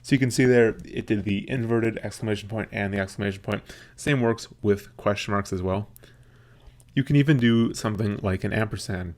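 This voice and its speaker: Man, fairly low voice, casual tutorial host, step-by-step, slow deliberate dictation. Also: a little mellow. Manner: casual, explains step by step, slows to dictate punctuation aloud. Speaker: tech video host. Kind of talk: screen tutorial with dictation demo.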